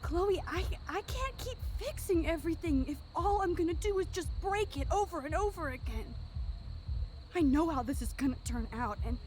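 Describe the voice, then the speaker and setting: A woman voicing an earnest, anxious teenage girl with time powers in a video game, talking in a pleading, quietly worried way. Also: extremely high pitch, lively intonation, moderate pace, slight background noise.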